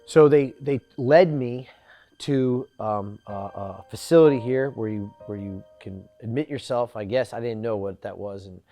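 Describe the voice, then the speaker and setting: A man in his forties tells his own hard story in an earnest, halting way, restarting his sentences as he goes. He slips into the voices of people he quotes, and soft music plays underneath. His pitch sits in an ordinary middle range. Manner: acts out what others said. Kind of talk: personal testimony.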